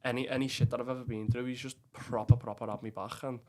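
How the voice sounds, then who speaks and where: A man's voice: medium pitch, flat delivery, fast, a little mellow. A young man with a Liverpool Scouse accent, talking as a podcast guest in a rambling, casual way with lots of fillers and swearing. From England. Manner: rambling, heavy with fillers and swearing, says "lad" often. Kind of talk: casual chat.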